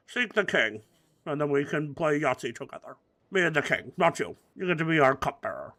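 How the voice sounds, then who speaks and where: Male gamer commentator, slightly higher voice, rambling absurd crude humor, mumbles then bursts out loud. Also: very animated, brisk. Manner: swings between mumbling and loud outbursts. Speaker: gaming commentator. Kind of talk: let's play commentary.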